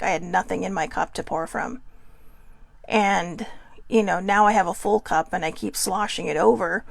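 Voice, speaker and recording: A middle-aged woman hosts a personal reflection show in a casual, earnest monologue, her mid-range voice creaky and a little shaky from incense smoke. She muses aloud and keeps posing questions to herself, and the recording is dry.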